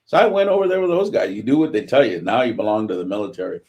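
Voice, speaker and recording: Guest role: man in his 70s from California, lower voice, lively storyteller who acts out what people said. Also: rapid-fire. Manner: animated storyteller, acts out quotes. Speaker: guest, veteran. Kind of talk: storytelling interview.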